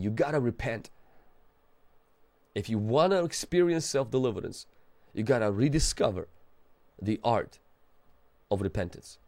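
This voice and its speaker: A man preaching a sermon with passion, swinging between fervent outbursts and quieter urging, mixing casual slang into his preaching. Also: medium pitch. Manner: impassioned, rising and falling intensity, calls to the audience.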